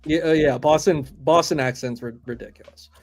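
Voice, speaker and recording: A man's voice: fairly high pitch, fairly quick, soft background music. A man from the area, bringing up news on a sports podcast with plenty of ums. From Philadelphia area. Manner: hesitant, full of ums. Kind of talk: casual sports chat.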